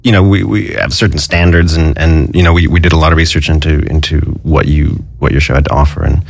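Stammering deep-voiced man. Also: fairly even intonation, fast, gravelly. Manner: hesitant, stammering, polite. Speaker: guest's manager. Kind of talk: comedic interview.

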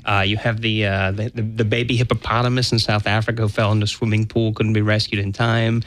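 A man's voice: lowish voice, little pitch movement, fast, no room sound. A man co-hosting a casual podcast, talking in a rambling, hesitant way with many fillers. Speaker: podcast co-host.

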